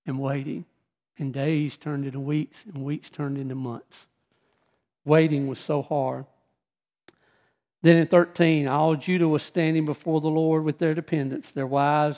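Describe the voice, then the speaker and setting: Pastor preaching, slightly high-voiced man. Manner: reads scripture aloud, then drops soft and slow when telling his own suffering. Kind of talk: sermon.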